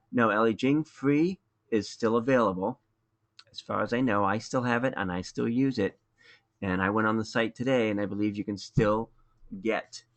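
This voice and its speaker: A man with a Boston accent walks through a live webinar tutorial, speaking into a computer mic. His voice sits a little low, and his delivery is relaxed and conversational, with a scattering of ums. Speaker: webinar presenter.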